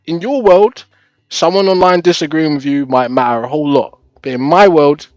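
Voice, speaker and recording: This young man's voice sits a little high and moves at a normal speed, recorded dry with no effects. Chatting casually on his live stream, he swears, laughs often, and habitually tags his remarks with "right?"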